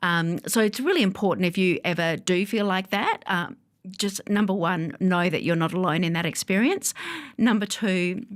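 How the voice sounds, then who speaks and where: A woman, a psychologist speaking calmly and reassuringly in a podcast interview, with frequent fillers. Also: lowish voice, moderate pace. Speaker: psychologist guest.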